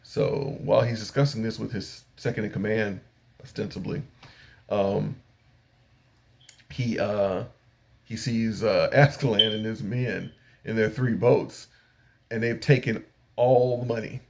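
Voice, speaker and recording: An older man with a fairly low voice and a gravelly rasp to it talks through an episode of a show. He retells the plot in a loose, rambling way, padding it with fillers and paraphrasing what the characters say. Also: steady tone, a little slow, long pauses, darkish tone. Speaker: anime reviewer. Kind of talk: casual episode recap.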